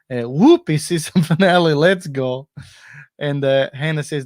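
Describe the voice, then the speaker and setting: A man's voice: on the high side, moderate pace, no echo, studio quality. A man hosting a casual live-stream comedy chat, playful and joking, laughing often. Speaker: host.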